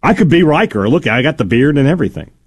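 A man's voice: a little high, fast, breathy edge. A man hosting a sports radio show from a studio, joking and bantering with his co-host. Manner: lively, joking, reads ads conversationally.

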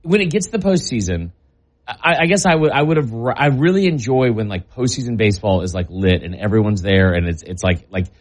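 A man co-hosting a casual sports chat, rambling with lots of fillers and getting loud and excitable. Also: fairly low pitch, a little fast. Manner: rambling, filler-heavy, animated. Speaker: sports podcast co-host.

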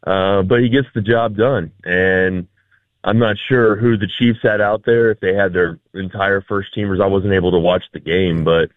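Male sports guest, lowish voice, laid-back and wry, tinny phone line. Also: steady tone, moderate pace, no room sound. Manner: easygoing, dry humor, many fillers. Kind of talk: casual sports talk.

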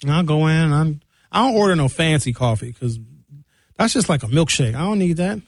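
Male radio host, fairly high voice, dry studio sound, ranting, mocking. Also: lively intonation, fairly quick, no echo. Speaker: radio talk show host. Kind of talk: opinionated talk radio monologue.

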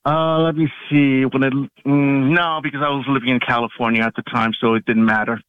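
A man's voice: mid-range voice, steady tone, brisk, clean tone, dry recording. A man calling in to a radio show, defensive and irritated, trading insults with the host. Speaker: caller. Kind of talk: heated call-in conversation. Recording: tinny phone line.

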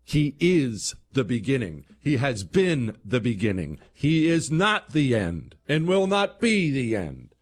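A man hosting a talk radio show, delivering an emphatic monologue that climbs to heated peaks and drops low and quiet. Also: big pitch swings, takes it slowly, hardly any pauses.

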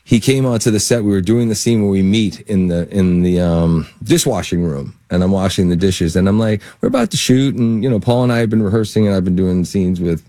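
A man with a fairly low voice, telling stories as a guest in a casual interview. He gets animated and breaks into laughter as his anecdotes build. The sound is close and dry. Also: fairly quick, hardly any pauses, dry recording. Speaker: guest actor.

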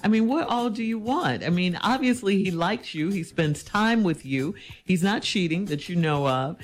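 A woman's voice: on the low side, animated, moderate pace. A woman hosting an advice show, reading a listener's letter, then answering in an incredulous, teasing way.

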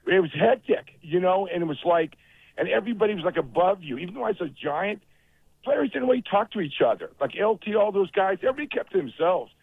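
Gravelly man telling stories over the phone. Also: sits high, quick pace, no echo. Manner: animated storyteller, acts out quotes. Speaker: guest, former football player. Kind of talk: casual phone interview storytelling. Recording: tinny phone line.

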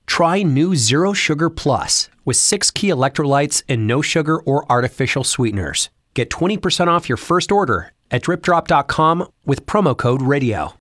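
A man reads a radio ad in a friendly, persuasive way. His voice sits fairly high and moves with lively swings in pitch. The studio sound is dry and close. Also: normal speed, hardly any pauses, dry recording. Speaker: ad announcer. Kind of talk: radio ad read.

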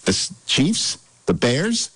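A man's voice: medium pitch, huge pitch swings, slow pace, sharp tone, slightly rough, dry recording, rough recording. A man hosting a casual sports chat, teasing his co-hosts and laughing often. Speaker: host.

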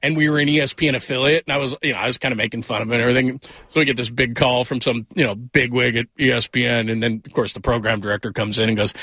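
A man's voice: mid-range voice, steady tone, rapid-fire, sharp tone, breathy edge, dry recording. A man filling in as a sports radio host, rambling and self-deprecating, laughing often as he tells stories in the studio. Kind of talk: casual sports talk radio.

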